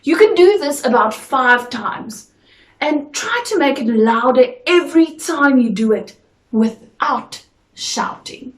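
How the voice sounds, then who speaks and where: A woman drama teacher giving a video lesson, speaking slowly with careful, crisp articulation. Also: high-pitched, animated. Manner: slow, clearly articulated delivery. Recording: echoey room.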